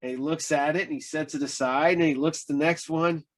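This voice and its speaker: Brisk and steady in tone, this higher-pitched man hosts a podcast full of loose, rambling anecdotes. He chats casually, leans on fillers, and dramatizes what people said.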